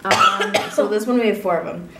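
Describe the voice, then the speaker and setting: A woman's voice: medium pitch, a little fast, very noisy. Young woman vlogging, playful n bold, swears a lot, echoey room. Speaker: channel host. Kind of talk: casual challenge video chat.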